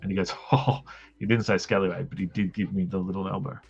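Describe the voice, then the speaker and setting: Self-mocking man, lowish voice. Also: fairly even intonation, gravelly, breathy edge. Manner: self-mocking, jokey anecdotes with quick voiced quotes. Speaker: host of a drawing live stream. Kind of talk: casual storytelling chat. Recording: dull lo-fi stream audio with faint music.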